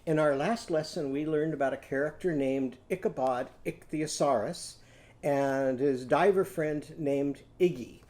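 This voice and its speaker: Mellow-voiced man teaching young children. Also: on the high side. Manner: call-and-response, drawn-out syllables for kids to repeat. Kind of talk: children's literacy lesson.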